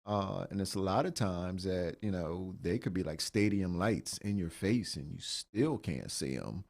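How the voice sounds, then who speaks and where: A man's voice: low-pitched, lively intonation, a little slow, creaky, a little mellow. A man hosting a relationship podcast in casual chat, upbeat and full of uh fillers. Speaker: podcast host.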